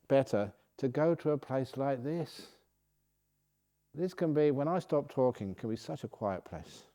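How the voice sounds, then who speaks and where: An older man with a British accent, a Buddhist monk giving a chatty, storytelling meditation talk at a retreat, chuckling often and going soft when he speaks of silence. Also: mid-range voice, smooth. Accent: British English. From Britain. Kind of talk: relaxed dharma talk with anecdotes. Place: retreat centre meditation hall.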